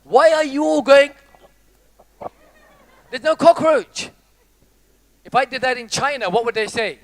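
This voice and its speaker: A man's voice: very high-pitched, unhurried. A man giving a live motivational talk to an audience, telling stories in a playful, theatrical way and speaking straight to the crowd. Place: stage before a live audience.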